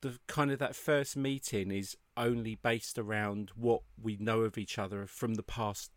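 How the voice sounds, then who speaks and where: A man's voice: fairly low pitch, fairly even intonation, measured pace, no echo. A man with an English accent hosting a podcast, joking and chatting in a rambling, friendly way. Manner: warm, joking, rambling with restarts. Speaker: podcast host. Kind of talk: casual chat.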